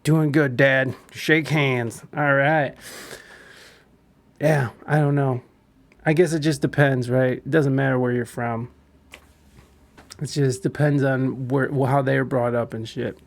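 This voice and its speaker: Slow, laid-back man on a casual podcast. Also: mid-range voice, steady tone, vocal fry. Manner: laid-back, profane, laughing often. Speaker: podcast host. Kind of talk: casual podcast chat reacting to a clip.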